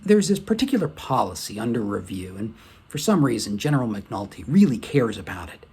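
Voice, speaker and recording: A man's voice: medium pitch, darkish tone, slightly rough. A man presenting a training lesson as scripted, conversational storytelling.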